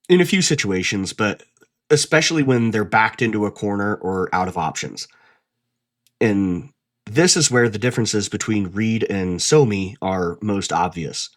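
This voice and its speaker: A man hosting a casual commentary video essay, talking bluntly and swearing freely. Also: fairly low pitch.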